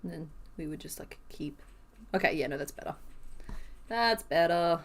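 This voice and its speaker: A woman's voice: low-pitched, steady tone, brisk, breathy edge. A woman chatting casually on a crochet live stream, counting stitches half under her breath and laughing easily. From Western Australia.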